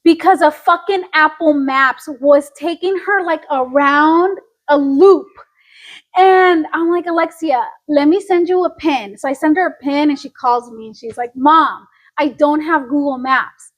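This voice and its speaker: Lively high-voiced woman telling stories. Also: measured pace. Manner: animated storyteller, acts out quotes, laughs often. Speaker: podcast co-host. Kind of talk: casual chat.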